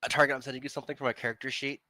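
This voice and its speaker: A man playing a tabletop game, asking quick questions about his character. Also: mid-range voice, flat delivery, sharp tone, dry recording. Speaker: player. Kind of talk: casual chat.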